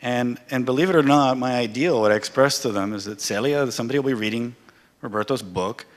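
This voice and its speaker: Male scholar on a museum panel, lively and chatty, mid-range voice, long hall reverb. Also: mid-range voice, fairly quick. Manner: animated, conversational storyteller. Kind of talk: panel discussion. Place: lecture hall.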